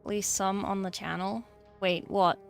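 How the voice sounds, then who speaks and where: A woman's voice: mid-range voice, fairly even intonation, moderate pace, gravelly, faint music behind. An English woman chatting casually on a livestream, chatty and swearing freely with exasperated asides. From England. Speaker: streamer.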